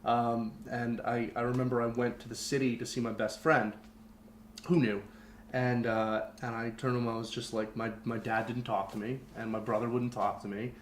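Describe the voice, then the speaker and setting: Delivered flatly at a moderate pace, a young man's mid-range voice rambles through a personal story as a podcast guest, candid and stuffed with fillers. There's a roomy echo plus some faint background noise.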